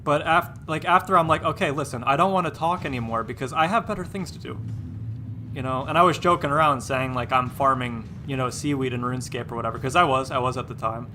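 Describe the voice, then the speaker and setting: A man's voice: mid-range voice, fast, noisy background. A man live-streaming a game, chatting casually and rambling, restarting his words and sounding exasperated and dismissive.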